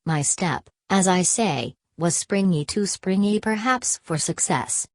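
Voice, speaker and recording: Low-voiced woman reading an audiobook. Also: takes it slowly, dry recording. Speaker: audiobook narrator. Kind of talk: scripted narration.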